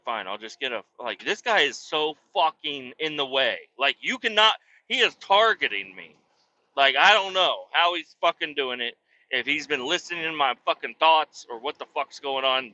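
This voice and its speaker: A man ranting through a comic story with heavy swearing and stumbling restarts. His voice sits fairly high with a sharp, tense edge. The recording sounds dull and lo-fi. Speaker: podcast host.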